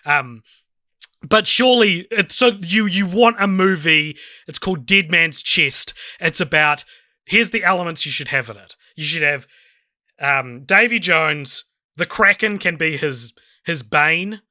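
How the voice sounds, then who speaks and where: A man's voice: on the high side, lively intonation, measured pace, sharp tone, no room sound, studio quality. A man co-hosting a casual film podcast, laying out opinionated arguments at length. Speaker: podcast co-host.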